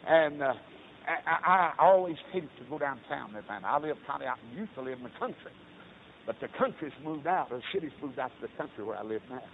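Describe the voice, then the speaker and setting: A man's voice: expressive, a little fast, vocal fry. Man, Baptist preacher, fiery storytelling sermon, thin tinny sound, faint hiss. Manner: fiery, swings from low storytelling to loud shouted peaks.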